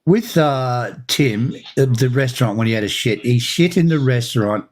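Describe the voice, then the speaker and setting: A man's voice: mid-range voice, moderate pace. A man speaking bluntly and swearing as a guest on a live stream panel.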